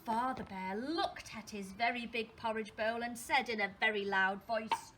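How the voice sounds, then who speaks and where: A woman teacher reading a storybook to young children, expressive and asking them questions as she goes. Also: fairly high pitch, normal speed, hardly any pauses. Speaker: primary school teacher.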